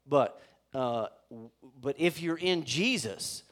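A man's voice: medium pitch, lively intonation, takes it slowly, a bit bright. A man preaching a sermon, reading scripture aloud and breaking off into casual asides to his listeners. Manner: conversational, with restarts and asides to the congregation. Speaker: pastor.

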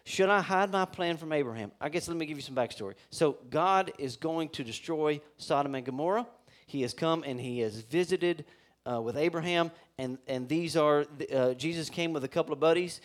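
A man's voice: a little high, fairly quick. A man preaching a sermon, reading scripture aloud and breaking off into casual asides to his listeners. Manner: conversational, with restarts and asides to the congregation. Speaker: pastor.

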